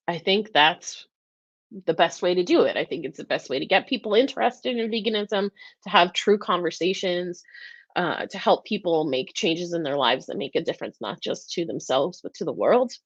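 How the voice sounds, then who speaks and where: A woman's voice: fairly low pitch, lively intonation, normal speed, dry recording. A woman hosting a live-stream talk, speaking earnestly and emotionally, rambling with frequent restarts. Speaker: host. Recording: dull, dry lo-fi sound.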